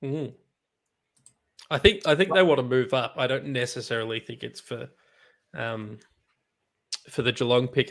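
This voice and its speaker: A man with a mid-pitched voice co-hosts a casual football talk show. He explains points at an easy pace with a laid-back manner. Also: vocal fry, fairly bright tone. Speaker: co-host. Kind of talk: casual footy chat.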